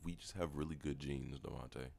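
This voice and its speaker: A man's voice: extremely low pitch, steady tone, moderate pace, vocal fry, a little mellow, slight background noise. A man co-hosting a podcast in loose, joking casual chat, laughing often. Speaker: podcast co-host.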